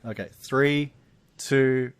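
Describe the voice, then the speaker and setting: A man's voice: medium pitch, fairly even intonation, slow, smooth. A man talking casually about movies on a podcast, with a mid-range voice. He is chatty and laughs often. He breaks off and restarts his sentences as he goes. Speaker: podcast co-host. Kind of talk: casual film review chat.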